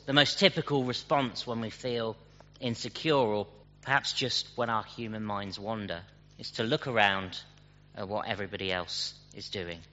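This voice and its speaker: Man preaching in a reverberant hall. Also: on the low side. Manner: storytelling, lively character voices in jokes. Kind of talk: sermon with humorous anecdotes. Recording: dull sound with long hall reverb.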